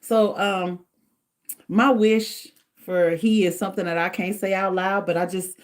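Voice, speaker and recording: A middle-aged woman hosting a casual livestream, chatting in an animated way and laughing often. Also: mid-range voice, measured pace. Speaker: livestream host.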